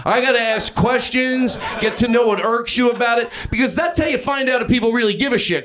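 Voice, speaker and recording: A man doing improvised stand-up in a comedy club, yelling and then mumbling his asides. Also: very high voice, fast talker, few pauses. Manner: loud, excitable, swings between yelling and mumbling asides. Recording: live club with crowd laughter. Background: audience laughter.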